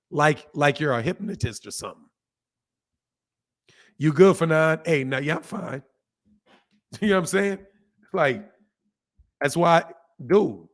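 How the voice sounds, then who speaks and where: A man with a hoarse voice hosting a casual boxing livestream, talking straight to viewers, repeating points and reading out chat comments. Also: a little high, animated, measured pace, pauses often. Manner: talks straight to viewers, repeats himself for emphasis. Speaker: boxing channel host.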